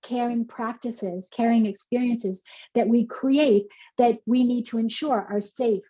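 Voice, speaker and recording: A woman's voice: on the high side, steady tone, a little slow, dark tone, highs cut off. A woman presenting a conference talk from slides, earnest and conversational, with frequent fillers and restarts. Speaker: conference speaker.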